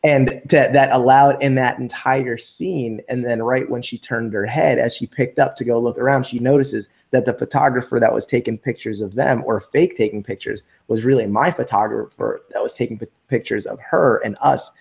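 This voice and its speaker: A man's voice: mid-range voice, moderate pace, creaky, hardly any pauses. A man telling a story casually in an interview, full of fillers and acted-out quotes. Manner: animated, acts out quoted voices, many fillers. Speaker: interview guest.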